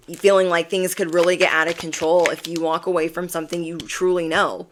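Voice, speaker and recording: Lady doing a tarot pick-a-card reading, lowish voice, punchy and repetitive, bit of hiss. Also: level tone, fairly quick, few pauses. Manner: emphatic, repetitive affirmations. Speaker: tarot reader.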